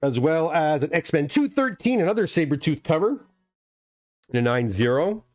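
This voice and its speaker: A man's voice: on the high side, big pitch swings, normal speed, a little mellow, no room sound. A middle-aged man from Canada hosting a casual live stream, chatting in a rambling way and reading comments aloud. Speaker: livestream host unboxing graded comics.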